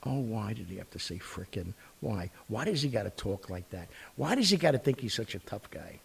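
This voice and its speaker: A man doing a quick impression of his complaining older father, scolding in a low, quiet voice. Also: big pitch swings, creaky, slightly rough, exaggerated voice. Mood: grumbling. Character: the host's grumbling older father.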